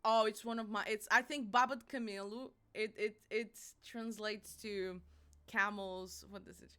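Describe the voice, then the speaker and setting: A young woman streaming live, chatting casually and animatedly, laughing and apologizing a lot and squealing when excited. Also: mid-range voice, moderate pace, clear, resonant tone.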